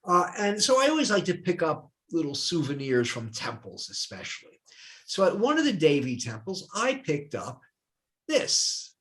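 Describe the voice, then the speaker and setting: An older man, a retired professor, tells stories from his life in a lively, swooping voice that sits a little high. He slips into the voices of the people he quotes. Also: normal speed. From United States. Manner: animated, acts out quoted voices. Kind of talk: storytelling in a dialogue.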